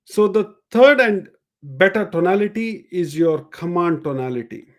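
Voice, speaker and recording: A man with a somewhat high-pitched voice runs a live-streamed coaching session. He explains step by step, repeats his main points and demonstrates each way of speaking. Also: lively intonation, measured pace. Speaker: sales and communication coach.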